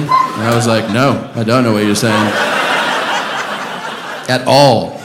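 A man's voice: medium pitch, measured pace, pauses often. A man doing a stand-up set in a club, telling a story with lots of swearing. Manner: profane, animated storytelling. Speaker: stand-up comedian. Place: comedy club stage. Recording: echoey room with crowd noise. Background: audience laughter.

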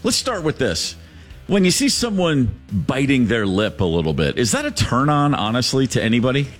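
A man's voice: mid-range voice, sing-song, moderate pace, soft background music. A man hosting a radio show, joking and asking playful questions in casual chat. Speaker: radio host.

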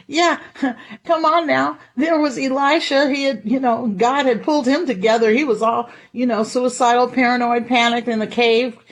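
Brief: high-pitched woman preacher, lively and chatty, laughs through her sermon. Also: moderate pace. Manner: lively, conversational, laughs often.

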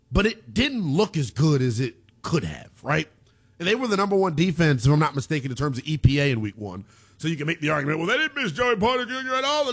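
Animated man doing a sports talk show. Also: a little high. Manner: animated, conversational, lots of "right?". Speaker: sports commentator. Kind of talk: casual sports talk monologue. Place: home studio.

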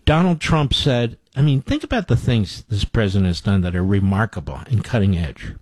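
A man's voice: fairly low pitch, lively intonation, normal speed, darkish tone, breathy edge, no echo. A man hosting a political talk show, delivering an opinionated monologue with indignant, emphatic repetition. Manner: indignant, emphatic, repeats phrases for effect.

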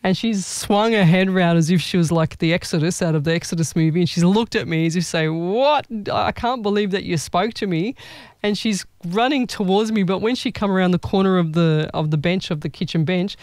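Chatty woman with a smooth dry voice. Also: fairly low pitch, fairly quick, few pauses, a little mellow, no echo. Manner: chatty, rambling, laughs often. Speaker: psychic medium hosting a live session. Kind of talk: casual live chat.

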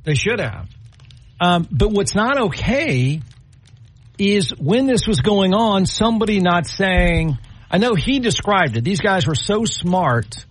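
A man's voice: sits high, animated, slow pace, slightly rough. A man co-hosting a radio talk show, chatting casually with a wry, incredulous manner and acting out little scenes. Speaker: radio co-host.

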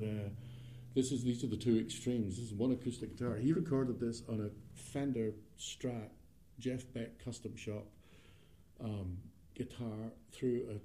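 A man with a Scottish accent, a guitarist telling a wry, self-deprecating story between tunes. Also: medium pitch. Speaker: guitarist guest.

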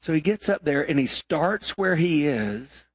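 Male pastor, middle-aged, slightly high voice, dry close mic, emphatic sermon delivery. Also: lively intonation, measured pace, slightly rough, no room sound. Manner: emphatic, swings from loud high exhortation to quiet low asides.

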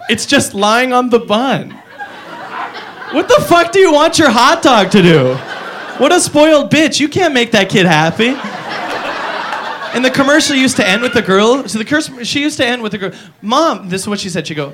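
A man's voice: extremely high pitch, expressive, fairly quick. A man doing a stand-up comedy set on a club stage, profane and mock-outraged. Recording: live club recording with crowd noise.

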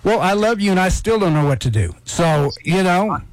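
A man co-hosting a talk radio show, chiming in with wry remarks. His voice sits a little high and sounds dry and close. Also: expressive, moderate pace, dry recording, low-quality recording. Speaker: radio co-host.

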